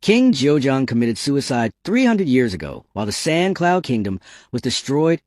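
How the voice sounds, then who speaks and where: A man's voice: medium pitch, sing-song, normal speed, a little mellow, dry recording, studio quality. A man narrating a story recap and reading every part himself in a plain storytelling manner.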